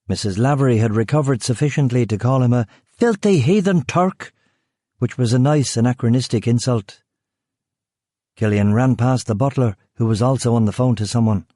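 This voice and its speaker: A man reading a crime thriller aloud in a measured, dry manner. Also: mid-range voice, dark tone, no room sound. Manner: measured, dry delivery, voicing characters. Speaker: audiobook narrator. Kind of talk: scripted narration.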